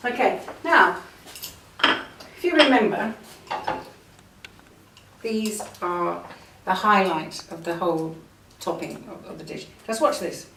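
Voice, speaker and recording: A woman's voice: on the low side, lively intonation, slow pace, long pauses, background noise. Chatty woman host walking through a recipe, recorded from across an echoey kitchen. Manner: chatty, enthusiastic, talks through each step. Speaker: cooking show host. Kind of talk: casual cooking demonstration. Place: home kitchen. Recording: roomy kitchen, mic at a distance.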